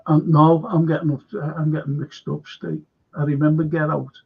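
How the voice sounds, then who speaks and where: Male host, husky and gravelly, chatty and rambling, lo-fi stream audio. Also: on the high side, flat delivery, moderate pace. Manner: chatty, repeats words, reads viewer comments aloud. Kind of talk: casual film chat.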